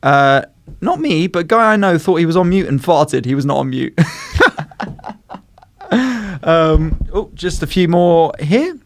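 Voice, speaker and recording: A man's voice: fairly high pitch, lively intonation, unhurried, long pauses. A man, co-hosting a podcast and telling stories with plenty of swearing and laughter. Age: 20s. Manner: swears freely, laughs often, tells stories. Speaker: podcast co-host. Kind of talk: casual chat.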